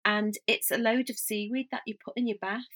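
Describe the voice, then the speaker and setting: A middle-aged woman, co-hosting a podcast and telling stories in a chatty, animated way. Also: a little high, a little fast. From Northwest England. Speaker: podcast co-host. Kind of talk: casual chat.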